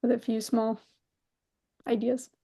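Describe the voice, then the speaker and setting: A woman's voice: on the high side, slow, creaky, husky. A woman co-hosting a podcast in casual chat, telling stories animatedly and quoting herself and her friends. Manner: animated storytelling, quotes herself and friends, laughs often. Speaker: podcast co-host.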